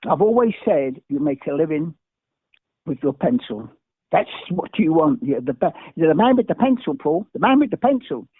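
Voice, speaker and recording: Older english guy talking super fast, keeps restarting, kinda high voice, dry phone-ish sound. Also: sing-song, breathy edge, no room sound. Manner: talks very fast, jumps between stories, stumbles and restarts. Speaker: guest. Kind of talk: animated anecdotal storytelling. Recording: dry, tinny phone-like line.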